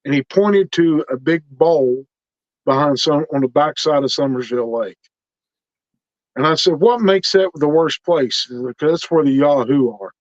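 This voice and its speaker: A middle-aged man with a slightly high voice talks at normal speed, sharing his experiences as an interview guest. His casual storytelling is animated, full of quoted dialogue as he plays the other people in each exchange. The recording is dull and lo-fi with no echo.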